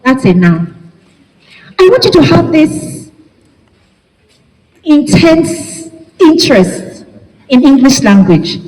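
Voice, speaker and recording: A woman from Nigeria teaching an English class, speaking slowly and emphatically and spelling words out letter by letter. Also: high voice, very animated, a little mellow. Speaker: English lecturer. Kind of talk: classroom lecture. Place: large lecture hall. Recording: echoey lecture hall, long reverb.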